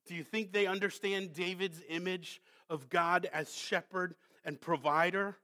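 A male pastor preaching a sermon, moving from hushed questions to loud, emphatic calls and reading scripture slowly. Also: high voice. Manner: slows down to read scripture with weight; asks the congregation many rhetorical questions.

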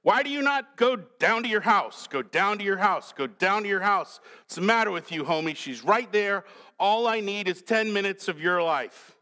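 A man's voice: high voice, expressive, normal speed, bright, forceful tone, big-room sound, pitched above the performer's own voice. A man voicing an impatient scheming king who pleads in an exasperated, slangy way. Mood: exasperated pleading.

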